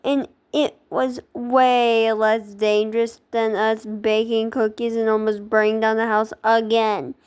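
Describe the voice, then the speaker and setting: A woman reading a children's book aloud in an expressive, dramatic way, with small stumbles. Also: a little high, measured pace, hardly any pauses, smooth.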